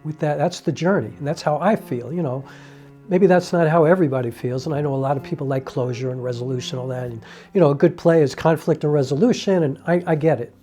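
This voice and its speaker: A man's voice: on the high side, fast, dark tone, soft background music. A man, an independent filmmaker and playwright, talking earnestly and from the heart to the camera, full of "you know" fillers. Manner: acts out quoted dialogue with raised voice. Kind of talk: reflective monologue to camera.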